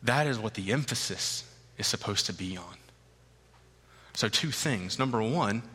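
A man preaching a sermon as pastor, emphatic and repeating key phrases with slow, deliberate stresses. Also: medium pitch, sharp tone, breathy edge, long reverb tail. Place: church sanctuary.

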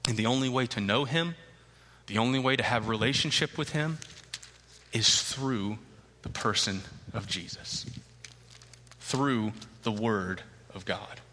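A man preaching a sermon as pastor, emphatic and repeating key phrases with slow, deliberate stresses. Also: medium pitch, sharp tone, in a large hall, slight background noise. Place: church sanctuary.

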